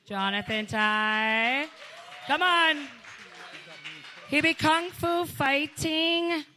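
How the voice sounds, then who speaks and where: Lady mc at a comedy show, high bright voice, slow and drawn out, hyping the next act. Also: soft background music. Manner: hyping, teasing the acts. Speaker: emcee. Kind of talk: introducing comics at a live show. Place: live comedy night in a social club.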